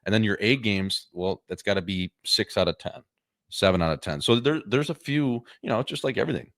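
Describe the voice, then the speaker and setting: A man's voice: on the low side, brisk, dry recording, clean studio sound. A young man from Wisconsin co-hosting a podcast, an easygoing storyteller in casual chat. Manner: easygoing storyteller, filler-heavy. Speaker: podcast co-host.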